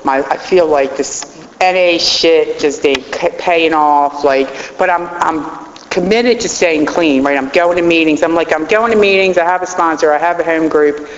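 A middle-aged woman recounts her recovery in a personal testimony, speaking at normal speed in a low voice. She rambles with heartfelt emotion and at times gets choked up. The sound is dull, lo-fi and hall-like, with slight background noise.

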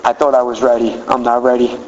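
A man's voice: mid-range voice, brisk, a little hiss or hum. A man in his fifties speaking candidly and earnestly at a recovery meeting, sometimes acting out quotes in a raised voice. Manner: animated, acts out quotes in a raised voice. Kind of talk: recovery share talk. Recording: roomy hall, dull lo-fi audio.

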